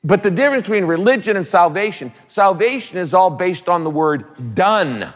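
A pastor with a fairly high male voice preaches with emphatic, repeated phrases and casual asides. His sermon rings with a long reverb tail from a large church hall. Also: lively intonation, normal speed, faint music behind.

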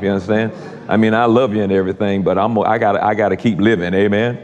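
A man's voice: fairly low pitch, steady tone, quick pace, darkish tone, muffled recording. A man preaching a sermon, chatty and repetitive, talking straight to his congregation. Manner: conversational, repetitive, addresses congregation directly. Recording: long hall reverb.

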